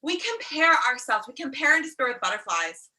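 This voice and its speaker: A woman's voice: sits high, very animated, fairly quick, sharp tone, recorded from a distance, rough recording. Sassy, profane woman coaching from afar. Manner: profane, sassy, calls listeners darlings. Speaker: life coach. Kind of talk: comedic live stream monologue. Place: outdoors in a warm country. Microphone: phone live stream.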